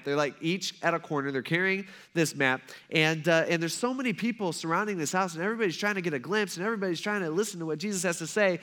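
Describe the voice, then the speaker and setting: A man preaching in a relaxed, conversational way, retelling a scripture passage as if chatting with friends. His voice sits a little higher than most men's, and he keeps checking in with his listeners. The talk stays loose and informal instead of formal oratory. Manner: loose, chatty storytelling with frequent "like" and "right?". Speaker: pastor. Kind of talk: casual conversational sermon.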